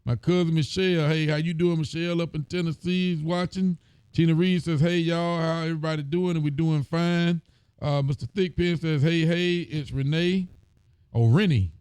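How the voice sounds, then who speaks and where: A man's voice: fairly high pitch, little pitch movement, moderate pace, a little mellow, clean tone, no echo. A man, a sheriff hosting a casual live show, reading out and greeting viewers' comments by name.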